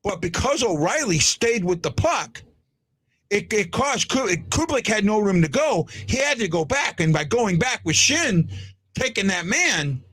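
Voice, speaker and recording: A man's voice: high-pitched, big pitch swings, a little slow, a bit bright, husky. Chatty man hosting a sports talk show. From United States. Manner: chatty, stumbles and repeats words. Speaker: podcast host.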